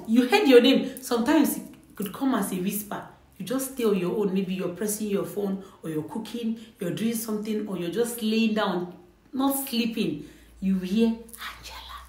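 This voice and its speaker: A woman's voice: medium pitch, a little mellow, reverberant. A woman giving earnest, repetitive spiritual advice straight to the viewer in a casual vlog. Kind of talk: casual direct-to-camera advice.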